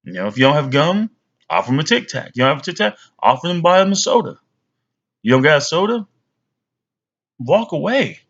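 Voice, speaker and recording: A man's voice: fairly high pitch, very animated, fairly quick, pauses often, fairly bright tone, highs cut off. A man in his forties giving blunt fatherly advice to his young sons in a rambling, casual way, full of fillers. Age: 40s. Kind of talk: casual to-camera talk.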